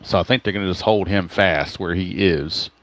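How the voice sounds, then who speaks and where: Casual low-voiced guy narrating a dice baseball game, talks to viewers as he rolls, dry room. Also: moderate pace, fairly bright tone, no room sound. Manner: chatty, explains each dice roll, greets viewers by name. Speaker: tabletop baseball game host.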